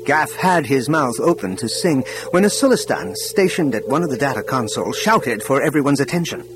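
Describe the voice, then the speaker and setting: Expressive male audiobook narrator. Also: mid-range voice, brisk, few pauses, over music. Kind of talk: scripted narration.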